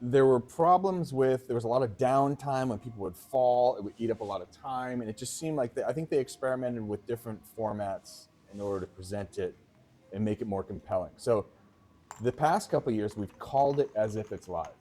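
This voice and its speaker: A man from Massachusetts co-hosting a podcast live in front of an audience, chatting casually and breaking into loud, profane mock rants. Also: medium pitch, a little fast. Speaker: podcast co-host and snowboard commentator.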